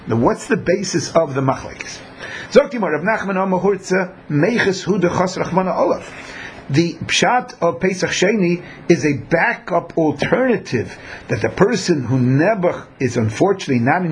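An animated male Talmud teacher lectures with a pitch that jumps around widely. His voice sits a little high, with a faint hum of noise behind it. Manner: animated, acts out the people in his examples.

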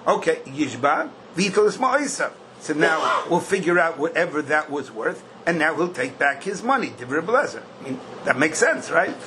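A man's voice: on the high side, sing-song, moderate pace, few pauses, noisy background. An older man teaching a Talmud class, questioning in a singsong and punching key points with bursts of emphasis. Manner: questioning singsong, bursts of emphasis, Yiddish-style Hebrew terms.

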